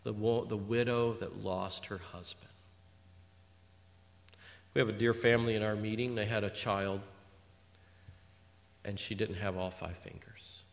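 A man preaching a sermon, telling stories animatedly, swinging between loud exhortation and quiet asides. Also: fairly low pitch, steady tone, measured pace, creaky, long pauses. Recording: reverberant hall.

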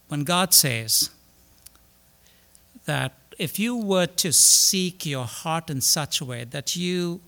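A man preaching a sermon, repeating key words, asking his listeners questions and rising to loud, emphatic declarations before dropping low again. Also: vocal fry.

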